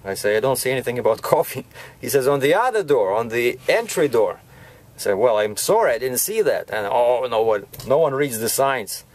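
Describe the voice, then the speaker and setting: A man's voice: medium pitch, lively intonation, a little fast, a little mellow. Rambling trucker man telling a story. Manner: rambling, with frequent restarts and "you know, right?". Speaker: truck driver. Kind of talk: casual storytelling vlog. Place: truck cab.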